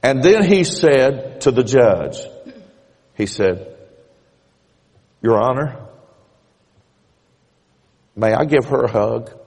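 Pastor preaching in an echoey church. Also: male voice, medium pitch, animated, creaky, darkish tone, breathy edge. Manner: measured storytelling, rising emphatically on key points. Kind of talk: sermon. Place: church sanctuary. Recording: church hall reverb.

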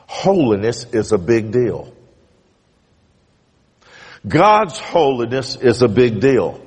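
A man preaching a sermon as pastor, reading scripture aloud with big swells in pitch and speaking slowly and deliberately. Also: darkish tone, husky. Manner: slow, deliberate delivery. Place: church sanctuary. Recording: long hall reverb.

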